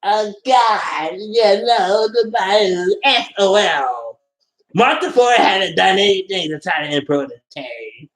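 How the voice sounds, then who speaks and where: A man doing a mocking impression of a slow, smug, rambling male sports radio host. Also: high-pitched, animated, fairly bright tone, voice pushed up, heavily acted. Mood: whiny. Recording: roomy echo.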